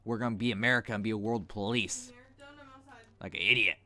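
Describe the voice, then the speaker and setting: A gaming video host with a fairly low, sharp-toned voice speaks fairly quickly into his desk mic while gaming. His commentary is blunt, rambling, and sarcastic.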